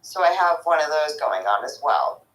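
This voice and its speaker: A woman talking casually on a podcast, peppering every sentence with "like" and bursting into shouted jokes and laughter. Her voice is bright and rises and falls a lot. It sounds roomy and echoey. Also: low voice, very animated, normal speed. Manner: giggly, says "like" constantly, shouts joke words. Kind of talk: casual chat. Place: her van. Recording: echoey room.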